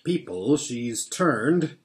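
A man's voice: medium pitch, very animated, drawn-out words. A man reading aloud and voicing a homely, earnest male beaver with a folksy, emphatic way of talking. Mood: ominous.

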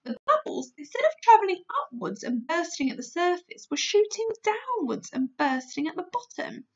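A woman teacher reading a children's book aloud, slow and expressive. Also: extremely high pitch, muffled recording. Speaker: primary school teacher.

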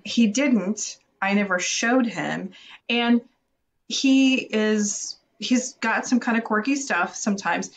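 A woman's voice: medium pitch, takes it slowly. A woman in her forties, a podcast co-host, telling a story about herself casually and poking fun at her own mistakes. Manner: self-deprecating storyteller, tells on herself. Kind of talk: casual parenting chat.

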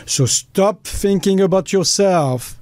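A man's voice: sits high, slow, darkish tone, dry recording. A man with a French accent, speaking as a guest in a passionate, blunt way. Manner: emphatic, blunt, acts out quoted voices. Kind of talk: passionate conversation.

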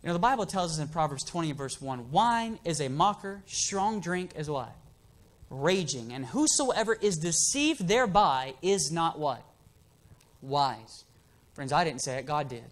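A man's voice: fairly high pitch, very animated, measured pace. A man preaching an emphatic sermon in a church, asking the congregation for amens.

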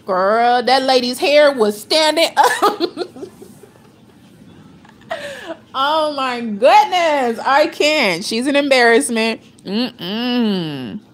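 A woman's voice: high voice, lively intonation, extremely slow, long pauses. A woman giving casual reaction commentary, blunt and profane, laughing often as she gossips. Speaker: reaction vlogger.

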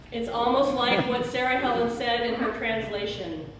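A woman pastor delivers an earnest sermon, her somewhat high voice pressing hard on the key words. She sounds distant from the mic, and heavy echo from the church hall fills the recording under a faint hiss. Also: fairly even intonation, moderate pace, hardly any pauses, a crowd in the background. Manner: earnest, emphatic preaching with rising emphasis. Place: church sanctuary. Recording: very echoey church hall, speaker far from mic.

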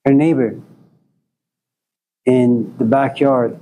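A man giving a storytelling lecture to a class, wry and joking, in an unhurried way. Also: medium pitch, animated, darkish tone. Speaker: philosophy lecturer.

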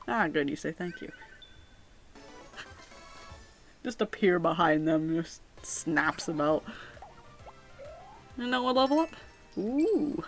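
A woman's voice: on the low side, fairly bright tone. A woman giving casual, joking commentary as she plays a video game, often laughing and reading game text aloud. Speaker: video game let's player.

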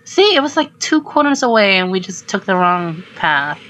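A woman commenting on her own gameplay, excitable and swearing, with startled shrieks. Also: mid-range voice, normal speed, slight background noise, poor audio. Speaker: gamer. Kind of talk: let's play commentary.

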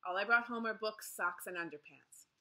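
A woman's voice: mid-range voice, moderate pace, pushed and bright. Weary teenage schoolgirl, curt and glum, read by a woman. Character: weary, unhappy teenage boarding-school girl.

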